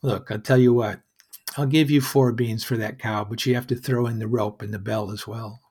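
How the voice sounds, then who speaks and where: A man with a husky voice voicing a wily, smooth-talking male merchant in a storybook tale, with a coaxing salesman patter. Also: medium pitch, fairly even intonation, normal speed, a little mellow.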